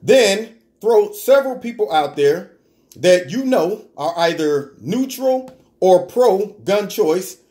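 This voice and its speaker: Man, high voice, political commentary, argumentative, rhetorical questions. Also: a little mellow. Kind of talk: opinion vlog monologue.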